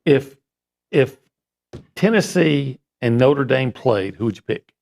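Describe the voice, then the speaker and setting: A man's voice: mid-range voice, animated, slow, gravelly, darkish tone. A man co-hosting a sports talk show, bantering playfully and joking around. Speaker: sports radio co-host.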